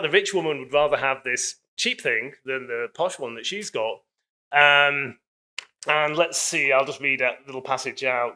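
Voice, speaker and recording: A male lecturer with a bright, clear-edged voice, speaking a little higher than most men. He tells stories in a chatty, enthusiastic way, full of "um" and "you know.". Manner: enthusiastic, chatty, many fillers and laughs. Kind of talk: public lecture storytelling.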